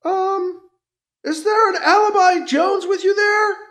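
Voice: very high voice, steady tone, takes it slowly, a bit bright, shouting, voice pushed up, full character voice. A narrator voicing a sheepish, apologetic male soldier who talks in casual slang. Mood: hesitant. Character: nervous male soldier, apologetic trooper leader.

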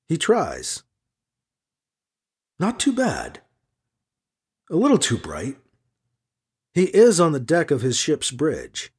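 A man reading a science fiction story aloud as narrator, expressive and animated. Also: fairly high pitch, takes it slowly, pauses often, slightly rough. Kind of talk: audiobook narration.

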